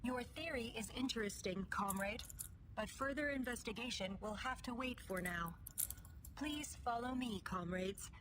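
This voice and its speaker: A woman's voice: a little high, unhurried, noisy background, lightly acted. A woman voicing a formal, loyal female android security guard in a video game, speaking in a precise, composed way. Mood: composed, dutiful.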